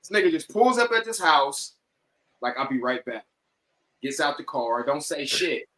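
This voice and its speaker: Bright-voiced man telling a wild story. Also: a little high, normal speed, poor audio. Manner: animated, profane, acts out quoted lines. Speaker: podcast guest. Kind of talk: casual storytelling.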